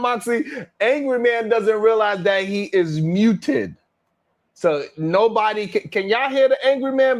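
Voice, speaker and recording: High voiced dude w hosting a stream, slow, keeps laughing and repeating himself. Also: male voice. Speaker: stream host reviewing a panel. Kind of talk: casual livestream commentary.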